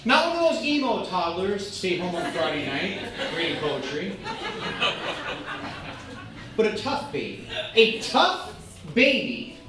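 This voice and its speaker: A stand-up comedian tells a wry story with lively, swinging intonation and frequent ums. The voice comes from a distance in a very echoey space, with faint ambience underneath. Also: mid-range voice, unhurried, long pauses, noisy background. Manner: animated, wry, uses many um and uh. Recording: echoey room, far-off mic, faint ambience.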